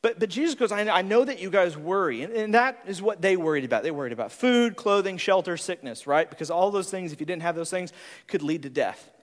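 A man preaching a sermon, animated, acting out different personality types in quick voices. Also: high-pitched, long reverb tail. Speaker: pastor.

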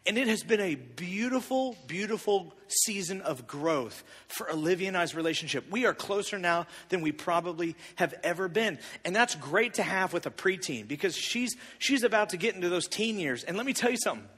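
Animated man preaching in a reverberant hall. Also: sits high, a little fast, hardly any pauses, husky. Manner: animated, confessional storytelling with big swings in volume. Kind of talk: sermon storytelling.

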